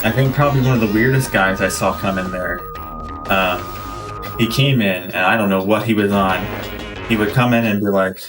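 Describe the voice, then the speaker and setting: A man's voice: fairly low pitch, moderate pace, fairly bright tone, distant mic, faint music behind. A man streaming a game and rambling through casual anecdotes full of fillers and restarts. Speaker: gaming streamer. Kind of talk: casual storytelling while playing.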